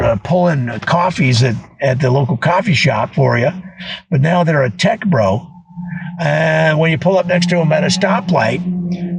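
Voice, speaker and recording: A man telling a comedic monologue, animated and full of voiced asides. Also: a little high, vocal fry, a little hiss or hum, low-quality recording.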